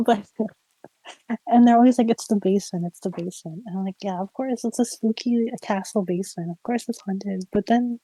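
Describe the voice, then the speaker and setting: A young woman streamer casually telling a ghost story, animated and giggly, full of "like" fillers. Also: medium pitch, no room sound, rough recording. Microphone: streaming mic.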